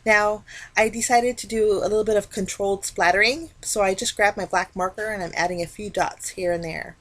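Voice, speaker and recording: A woman talking casually through a card-making tutorial, explaining each step in a relaxed, chatty way. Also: mid-range voice, brisk. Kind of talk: casual craft tutorial narration.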